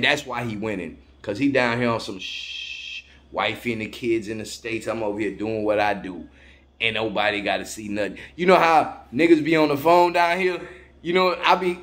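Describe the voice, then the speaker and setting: With a slightly high, fairly bright voice, the man in his forties rants at the camera for his travel vlog. His delivery is hostile and profane, packed with heavily repeated slang.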